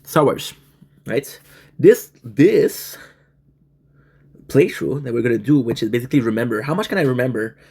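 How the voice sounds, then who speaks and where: A man's voice: mid-range voice, lively intonation, normal speed, creaky, long pauses, mellow. A young man hosting his channel, talking in a rambling, meandering way to his viewers, swearing freely and tagging "right?" onto his thoughts. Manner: meandering, profane, keeps asking "right?". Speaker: channel host. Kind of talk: rambling casual monologue to viewers. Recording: echoey room, faint hiss.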